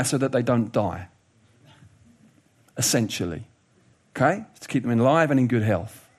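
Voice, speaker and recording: A man delivers a sermon in an easy, conversational way. His voice sits a little high and moves a lot, rising and falling as he plays with jokes, asides and mock voices. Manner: conversational, animated, does funny voices and asides. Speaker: preacher.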